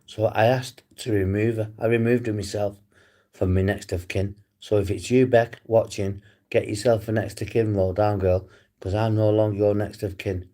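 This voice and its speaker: A man's voice: fairly low pitch, steady tone, normal speed, warm tone. Defiant man ranting on a livestream. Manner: defiant, swears often, addresses viewers by name. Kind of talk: rambling live stream monologue.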